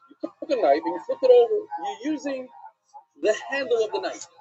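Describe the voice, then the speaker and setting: A man teaching a live-streamed Talmud class, asking and answering his own questions in an animated way. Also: extremely high pitch, fairly quick, lo-fi sound.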